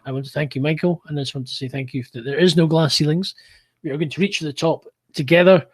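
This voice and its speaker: A man co-hosting a casual video call chat, teasing the others and talking in halting restarts. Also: a little high, husky.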